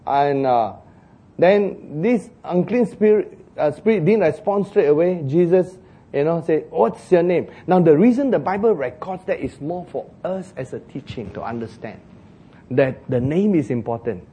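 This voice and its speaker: A man preaching a sermon, telling a story with jokes, acted shouts and laughter. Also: on the high side, lively intonation, moderate pace, breathy edge.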